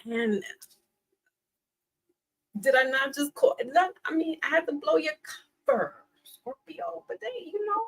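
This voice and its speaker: A woman's voice: high-pitched, big pitch swings, unhurried, pauses often, poor audio. A woman giving a casual tarot reading, chatty and teasing, laughing often as she talks. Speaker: tarot reader.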